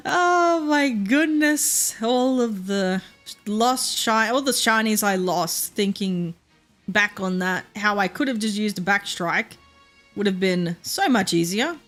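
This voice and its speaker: A young woman with a Queensland Australian accent chats casually while streaming a game, rambling along with plenty of fillers and laughter. Her voice is mid-range and fairly bright.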